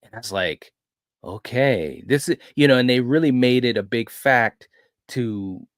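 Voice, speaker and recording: A man hosting a film review podcast, retelling a horror movie in an animated, casual way with frequent restarts. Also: medium pitch, unhurried, no echo, studio quality. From grew up in a city. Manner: animated storyteller, frequent restarts and "you know".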